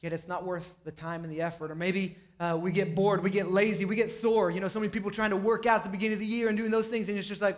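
A young adult man preaching a sermon in an energetic, conversational way, acting out quoted voices. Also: high-pitched, fast talker, few pauses. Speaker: pastor.

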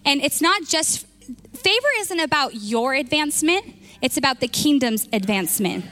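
A woman pastor with a high, bright voice, preaching and retelling a story in an animated way. She acts out the dialogue and often restarts her sentences. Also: normal speed. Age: young adult. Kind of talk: sermon.

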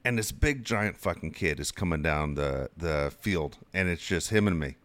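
A man's voice: deep voice, expressive, normal speed, fairly bright tone. A man co-hosting radio, telling profane stories with frequent laughter in casual banter. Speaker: radio co-host.

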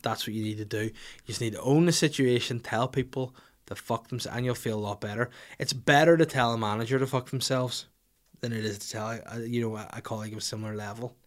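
A man's voice: mid-range voice, quick pace. A young man hosting a comedy podcast, swearing freely and acting out little scenes as he rants. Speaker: podcast host.

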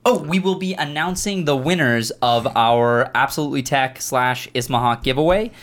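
A man's voice: mid-range voice, normal speed, a bit bright. Upbeat man making casual show announcements. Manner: upbeat, loose, with fillers and playful asides. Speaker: podcast host.

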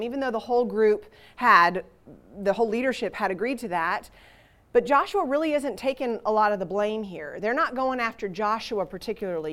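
Animated woman teaching scripture. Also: fairly high pitch. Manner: animated and relatable, with rhetorical questions. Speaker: Bible teacher. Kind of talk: conversational Bible teaching to a church group.

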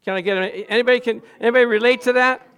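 A middle-aged man preaching a sermon, swinging between quiet asides and loud, emphatic lines and putting questions to the congregation. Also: very high-pitched, fairly even intonation, rapid-fire, a little hiss or hum. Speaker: pastor.

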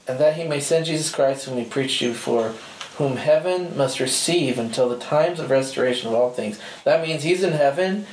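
A man's voice: mid-range voice, a little hiss or hum. A man giving an informal sermon, telling stories in a conversational way and laughing often. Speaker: speaker teaching a church group. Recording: roomy hall with faint ambience.

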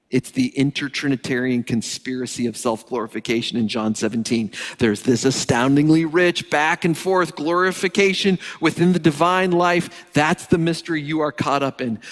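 A man's voice: on the high side, fairly bright tone. A man preaching a sermon with emphatic repetition of key phrases, building to an insistent cadence as he reads a quotation. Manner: rising, insistent cadence when reading a quotation. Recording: long hall reverb.

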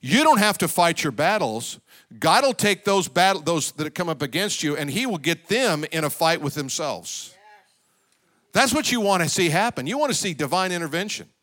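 A man preaching a sermon as pastor of a church. He swings between loud, high exclamations and low, quiet asides. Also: big pitch swings, moderate pace.

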